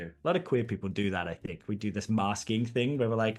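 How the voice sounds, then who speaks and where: A man from England, a guest in a casual interview, talking in an animated way and laughing often. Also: mid-range voice, fast talker, few pauses.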